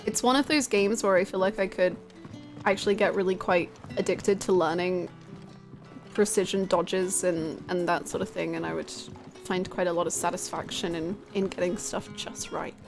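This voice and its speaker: A woman's voice: fairly low pitch, fairly even intonation, normal speed, creaky, music in the background. A woman live-streaming a game, chatting casually and giggling while she reads out her chat.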